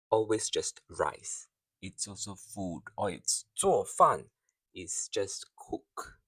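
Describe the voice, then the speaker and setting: Very slow, lively man teaching a lesson. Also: lowish voice, dry recording, distant mic, rough recording. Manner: slow, careful, repeats each phrase for learners. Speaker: Chinese language teacher. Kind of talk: beginner language lesson.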